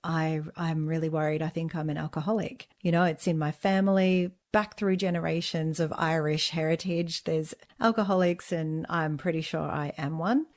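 A woman hosting a casual conversation, chatty and telling personal stories with lively quoted asides. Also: sits low, moderate pace, hardly any pauses. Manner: chatty, storytelling, animated quotes. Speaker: podcast host.

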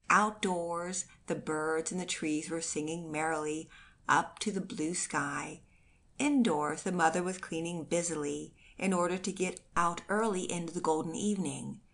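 A woman reading a classic storybook aloud in gentle, steady scripted narration. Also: lowish voice. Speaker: audiobook narrator.

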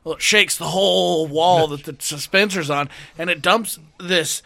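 High, bright, excitable man. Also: creaky. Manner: excitable, laughing, quick to jump into the story. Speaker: podcast co-host. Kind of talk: casual chat.

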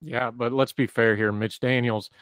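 A man's voice: medium pitch, fairly even intonation, moderate pace, a bit bright, smooth, dry recording. A man co-hosting a casual political discussion, adding wry, conversational asides.

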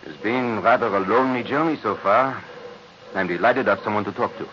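An actor playing a gracious French artillery captain with a French accent in a 1940s radio drama, formal and philosophical. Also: male voice, lowish voice, brisk, fairly bright tone, a little hiss or hum, lightly acted. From France. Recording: dull lo-fi old radio recording.

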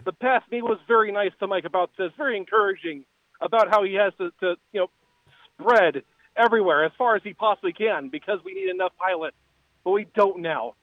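A man's voice: sits high, a little fast, no room sound, natural voice. A man calling in as a frantic male time traveler from a future war, pleading urgently. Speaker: caller. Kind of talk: comic call-in bit. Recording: tinny phone line.

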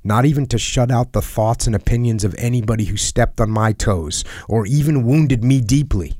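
A man reading a personal letter aloud in a solemn, earnest and measured way, sometimes dropping to a hush. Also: medium pitch, dry recording, clean studio sound. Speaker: reader of a letter.

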